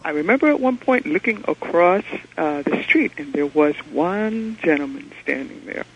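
A man from New York City calling into a radio show, earnestly and excitedly telling a personal story over a dull telephone line. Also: a little high, normal speed, slightly rough. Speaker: caller.

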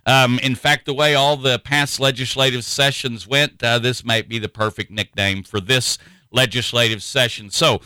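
A folksy man hosts a radio talk show and rambles casually from one point to the next. His voice is bright and edged, at a middling pitch. The sound is dry, with no room around it. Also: fairly even intonation, moderate pace, clean tone, no echo, low-quality recording.

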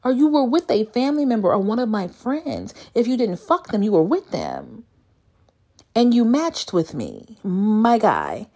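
A young woman telling a dating story in a casual vlog, profane and exasperated, with her voice leaping up in disbelief. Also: a little slow. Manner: animated, profane, exasperated storytelling with sudden high squeals of disbelief. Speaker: vlogger.

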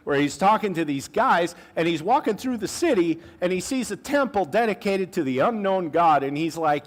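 A male pastor preaching a sermon in a conversational way, with casual asides and slang, slowing down to stress key phrases. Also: sits high, animated.

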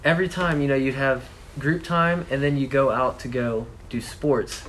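A man's voice: mid-range voice, fairly even intonation, moderate pace, a bit bright, a little hiss or hum. A teenage boy chatting casually and chiming in with quips and slang. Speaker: friend in chat. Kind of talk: casual chat.

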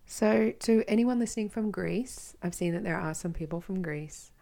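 A woman's voice: mid-range voice, normal speed, vocal fry, dark tone. An Australian woman hosting her own podcast, talking casually and frankly, swearing freely as she chats to listeners. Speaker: podcast host. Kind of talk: casual solo podcast talk.

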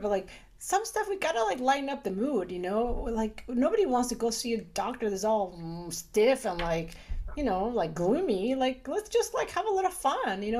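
Chatty woman with a bright high voice. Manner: chatty, animated, many fillers. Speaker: urologist, guest. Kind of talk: casual conversation.

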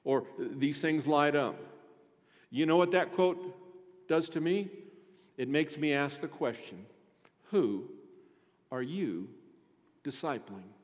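A man preaching a sermon in a high voice, his delivery swelling into loud emphatic bursts and then falling to quiet, hushed asides. His voice rings with a long reverb in a church sanctuary, and he keeps pressing the congregation with questions. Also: unhurried, long pauses. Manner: impassioned, rising to loud emphatic bursts then dropping soft. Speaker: pastor.

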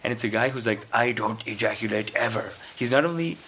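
A man's voice: medium pitch, fairly quick, a bit bright, slight background noise. A man from India chatting casually on a podcast, telling rambling stories and acting out quoted voices. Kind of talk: casual chat.

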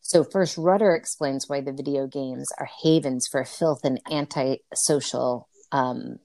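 A woman's voice: very deep voice, unhurried, mellow, dry recording. A woman co-hosting a podcast, chatting casually as she recaps a movie, with plenty of fillers and laughs. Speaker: podcast co-host. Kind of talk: casual chat recapping a film.

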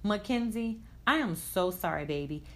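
A woman's voice: medium pitch, animated, moderate pace, a bit bright. Woman doing a tender motherly older woman. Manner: soothing, tender.

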